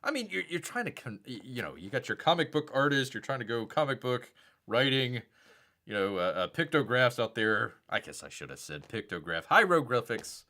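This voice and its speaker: A man's voice: mid-range voice, big pitch swings, normal speed, sharp tone. A man with a Southern accent hosting a casual live stream, rambling, reading viewer chats and calling himself by a nickname in third person. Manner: reads out viewer chat messages.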